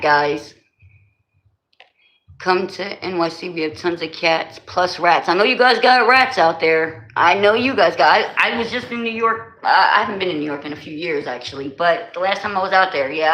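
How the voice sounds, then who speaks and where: A woman's voice: lowish voice, lively intonation, normal speed, a bit bright, rough recording. A woman with a New Jersey accent chatting casually on a live stream, greeting and answering her viewers.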